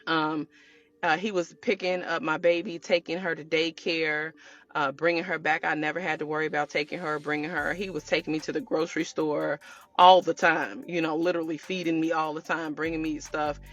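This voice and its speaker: A woman telling her viewers a personal story in a casual storytime way, animated and chatty, calling them y'all. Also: sits low, fairly quick. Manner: animated, addresses viewers as y'all, acts out quotes. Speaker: storytelling vlogger.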